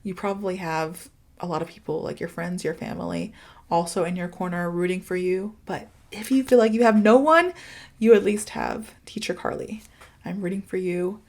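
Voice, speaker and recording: With a lowish, gravelly, slightly mellow voice at normal speed, this American woman in her thirties hosts a podcast and also teaches English. She talks in a casual, confiding, candid way, full of "like" and "you know."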